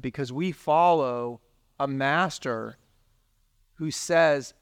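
A pastor delivers a sermon in a conversational way, talking casually with his listeners and reading scripture aloud. He speaks slowly in a mid-range voice with a clean tone.

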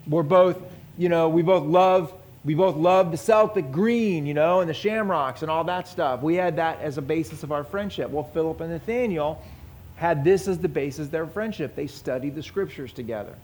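A man's voice: fairly high pitch, moderate pace. A man teaching a Bible passage in a conversational way, asking his listeners questions and acting out the people in the story. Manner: animated, asks the audience questions.

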